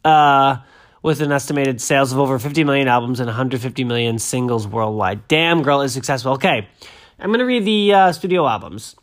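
A man in his thirties chatting casually about music, rambling and excitable, often losing his train of thought. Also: mid-range voice, brisk. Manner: rambling, excitable, self-interrupting. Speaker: host.

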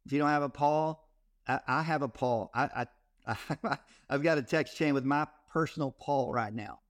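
A man who ministers to teenagers, a podcast guest telling stories with animated energy and frequent restarts. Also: medium pitch, moderate pace, no room sound, clean studio sound. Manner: animated storyteller, frequent repeated starts. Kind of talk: casual interview, storytelling.

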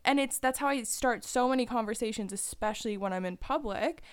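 A woman's voice: a little high, a little fast, clean tone. Chatty Canadian woman podcast co-host. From Canada, near Toronto. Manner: chatty, laughs often, animated quoting. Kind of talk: casual chat.

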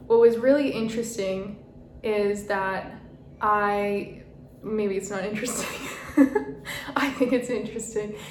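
A young woman telling a personal story in a casual, chatty way, often saying "like" and laughing at herself. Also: medium pitch. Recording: roomy echo, faint background noise.

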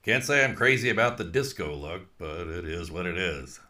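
A man voicing a folksy, wry male ghost who was once a dean, talking in a slow, dry drawl. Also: low voice, lively intonation, sharp tone.

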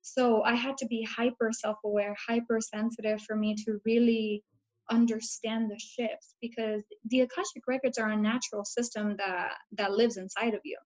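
A woman's voice: a little high, flat delivery, normal speed, a little mellow. A woman guest telling a personal story in an earnest, reflective way, full of casual fillers. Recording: dull lo-fi recording.

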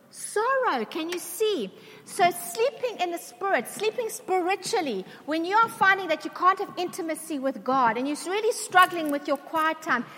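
A woman's voice: very high-pitched, fairly bright tone, a little hiss or hum. A woman preacher giving a sermon to a church congregation, emphatic, asking the congregation questions. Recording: long reverb of a large hall.

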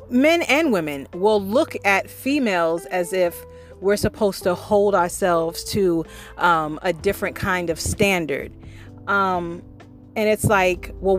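Emphatic woman with lots of fillers. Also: medium pitch. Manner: emphatic, frequent fillers and repeated phrases. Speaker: songwriter and artist. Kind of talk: casual opinion monologue.

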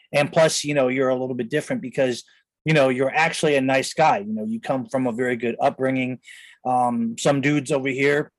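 The audio is poor, with no room sound, as a man in his thirties tells a casual personal story on his podcast through a close studio mic. Speaking in a mid-range voice, he rambles and fills gaps with "you know" and "like".

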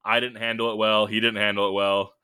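Bright-voiced young man telling a story. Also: fairly low pitch, little pitch movement, quick pace, clear, resonant tone. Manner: rambling, many fillers and restarts. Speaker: podcast co-host. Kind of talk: casual storytelling chat.

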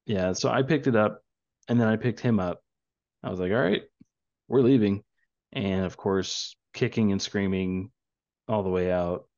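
A man's voice: sits low, fairly even intonation, moderate pace, darkish tone, no echo, lo-fi sound. A young man and father telling a casual story with lots of fillers and restarts. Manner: rambling storyteller with many fillers. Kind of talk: casual chat.

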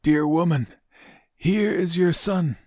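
A man voicing a calm, suffering male teacher who speaks slowly and gravely in a Bible reading. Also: fairly high pitch, dry recording, clean studio sound, voice pushed up. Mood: solemn.

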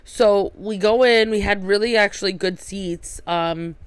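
A woman's voice: medium pitch, unhurried, clear, resonant tone, no room sound. A young woman from New York telling a rambling casual story, swearing freely and saying "like" constantly. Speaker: vlogger.

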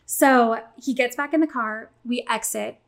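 A young adult woman telling a long story in casual chat, animated and swearing, acting out quotes. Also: on the high side, measured pace.

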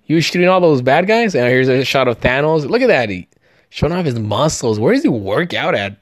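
A man's voice: mid-range voice, brisk, no room sound, clean studio sound. A man hosting a podcast, breaking down a movie trailer in a casual, joking and profane way, often tripping over his words. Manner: excited, jokey, profane, stumbling over words. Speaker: podcast host.

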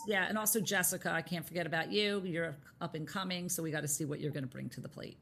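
A woman co-hosting a podcast in casual chat, effusive and full of shout-outs to her team. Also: fairly low pitch, steady tone, fast talker, vocal fry, breathy edge. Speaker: podcast co-host.

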